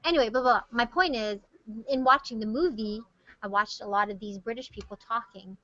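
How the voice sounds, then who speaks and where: A woman's voice: a little high, brisk, pushed and bright, no echo. A woman hosting a casual chat over a video call, chatty and teasing. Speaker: show host. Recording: muffled video call audio.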